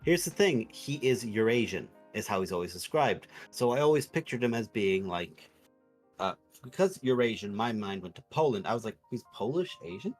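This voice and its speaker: A man streaming while he draws, chatting casually in rambling, sweary, animated rants. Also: on the low side, normal speed, faint music behind.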